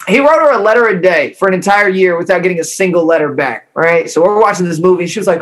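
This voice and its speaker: A man's voice: high voice, fast, hardly any pauses, fairly bright tone. A man doing a stand-up set with a wry, teasing delivery. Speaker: stand-up comedian.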